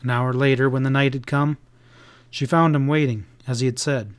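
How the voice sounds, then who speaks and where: A man narrating a classic western audiobook with a steady, measured reading. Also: mid-range voice, smooth. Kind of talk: scripted narration.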